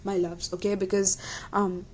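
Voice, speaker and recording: A woman's voice: mid-range voice, little pitch movement, normal speed, a little hiss or hum. A woman giving a tarot reading, earnest and affectionate, often checking in with her listeners. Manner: warm, repeatedly checks in with "okay?" and "my loves"; gentle, emotional and earnest. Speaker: tarot reader.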